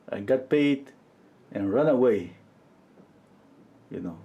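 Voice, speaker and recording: A man in his fifties, a portrait painter chatting casually on a livestream and telling rambling, animated stories. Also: medium pitch, slow pace, vocal fry, pauses often. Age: 50s. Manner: rambling, animated storytelling full of "you know".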